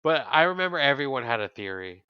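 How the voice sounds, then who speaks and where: A young man co-hosting a podcast in casual chat, musing and reminiscing in a relaxed, hedging way. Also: medium pitch, fast talker, clean tone, no echo, muffled recording. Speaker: podcast co-host.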